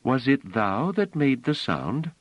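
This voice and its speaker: A man voicing a gentle woman who speaks in an old-fashioned formal way in a storybook reading. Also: medium pitch, sing-song, slow, dry recording, dull audio, pitched above the performer's own voice. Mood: surprised. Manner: old-fashioned formal speech with thee and thou.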